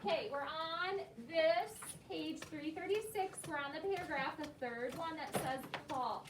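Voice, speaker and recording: A woman's voice: high voice, a little slow. A woman teacher leading a reading lesson in a classroom, patiently prompting pupils and explaining words. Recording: echoey classroom from far off, loud noise.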